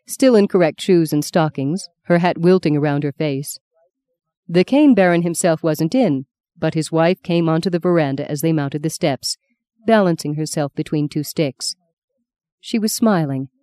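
A woman reading a novel aloud in a steady, measured narration. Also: low voice, dry recording. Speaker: audiobook narrator. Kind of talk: scripted narration.

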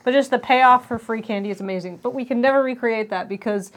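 A woman's voice: fairly high pitch, fast. Chatty woman, lots of "like". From Victoria, Canada. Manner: upbeat, filler-heavy "like"s. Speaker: podcast co-host, illustrator. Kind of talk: casual chat.

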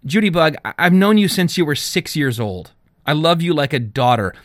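A man voicing a fatherly small-town police chief and pastor, speaking gently and with feeling. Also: on the high side, expressive, normal speed, dry recording, clean studio sound, pitched above the performer's own voice, lightly acted. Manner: gentle, emotional.

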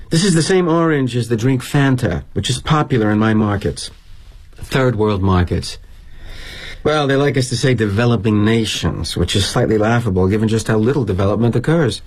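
Sardonic middle-aged executive played by a man, husky voice, lively pitch, wry confiding monologue. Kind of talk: theatrical dramatic monologue.

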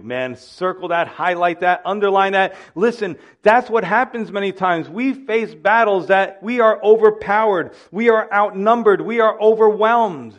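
A man's voice: high-pitched, measured pace, few pauses, muffled recording. A male pastor delivering a sermon, with impassioned preaching that swells and drops in volume.

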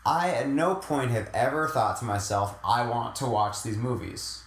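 A man's voice: mid-range voice, expressive, moderate pace, slight background noise. A young man co-hosting a podcast, rambling in a casual, self-mocking, jokey way. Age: young adult. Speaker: podcast co-host. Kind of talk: casual chat. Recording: echoey room.

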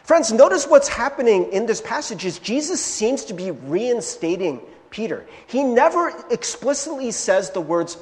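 A man preaching a sermon as pastor, conversational and animated, with frequent "right?" asides and restarts, in a church sanctuary. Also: high-pitched, unhurried. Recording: long hall reverb from a church sanctuary.

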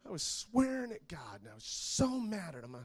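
A man in his thirties preaching, telling family stories with lots of laughter and getting loud when he acts out scenes. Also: high voice, moderate pace, husky. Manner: animated storyteller who laughs often and gets loud when acting out scenes. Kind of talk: sermon with personal stories.

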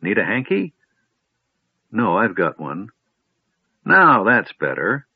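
A man's voice: lowish voice, huge pitch swings, slow pace, breathy edge, no room sound, full character voice. A man voicing a vague, fussy old male wizard who rambles absent-mindedly and gets huffy. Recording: tinny phone-like line, dry.

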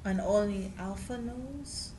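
A woman chatting casually with friends on a podcast, animated and full of jokey asides. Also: medium pitch, slow pace, slight background noise, low-quality recording. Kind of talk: casual chat among friends.

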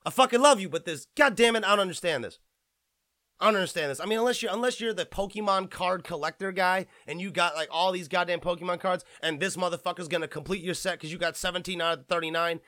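A man's voice: high-pitched, fast talker, pushed and bright, no room sound, clean studio sound. A young man hosting a podcast, rambling and swearing freely as he rants and mocks. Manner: profane, rambling, mocking. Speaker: podcast host. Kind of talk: casual podcast rant.

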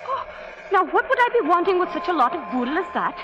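A lilting Irish maid. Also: female voice, very high voice, sing-song, fast talker, lo-fi sound, heavily acted. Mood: grateful. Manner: lilting, gentle and earnest. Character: young Irish maid newly arrived, trusting and polite. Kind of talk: 1940s radio acting.

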